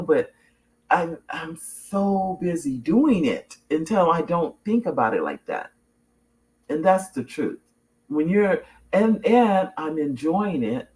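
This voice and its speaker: A middle-aged woman hosting her own show in a loose, chatty way. Her pitch swings widely as she tells stories, often breaking into laughter and restarting her sentences. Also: warm tone. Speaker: talk show host. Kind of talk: casual chat reading viewer comments.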